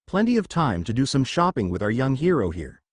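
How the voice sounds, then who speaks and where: Give me a prim, caring, refined witch, read by a man, with a lively, varied pitch. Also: brisk, breathy edge, dry recording, studio quality. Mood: reassuring. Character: refined older witch Narcissa, prim and motherly.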